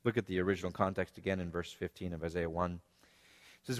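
A man's voice: sits low, a little fast, big-room sound. A man preaching a sermon, earnest, dropping to near-whispers and rising to emphatic passages. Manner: earnest preaching, swinging between hushed and emphatic.

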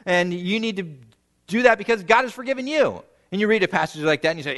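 High-voiced earnest male preacher. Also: lively intonation, fast, big-room sound. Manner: earnest preaching that swells to emphatic peaks and drops to quiet, hushed endings. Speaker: pastor. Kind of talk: sermon.

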